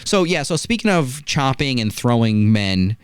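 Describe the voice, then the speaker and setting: This casual review chat comes from a man who hosts a wrestling podcast, speaking at a moderate pace in a clear, resonant tone whose pitch swings lively up and down. The recording is dry and close to the mic, with hardly any room sound. He recounts the matches as a story, checking in often through rhetorical asides.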